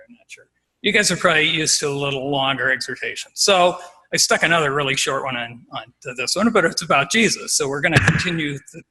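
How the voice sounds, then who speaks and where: A man's voice: on the high side, sharp tone, slightly rough, low-quality recording. A man giving an informal, conversational sermon as a lay preacher, acting out scenes as he goes.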